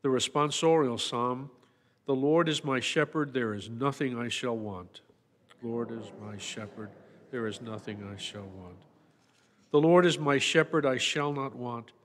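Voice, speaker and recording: A man, a priest, reciting the Mass readings and psalm in a measured, formal way in a church. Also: mid-range voice. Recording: long church reverb.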